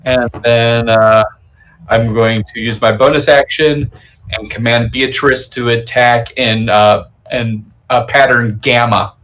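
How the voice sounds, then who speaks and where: A man playing in a tabletop game, relaxed and halting as he describes his character's actions. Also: mid-range voice, poor audio. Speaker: player. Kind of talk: casual tabletop game play.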